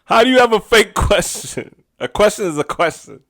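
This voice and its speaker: Laughing, animated male comedian. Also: high-pitched, normal speed. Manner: animated, laughs often, rambling asides. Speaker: comedian podcast host. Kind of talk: casual comedic commentary.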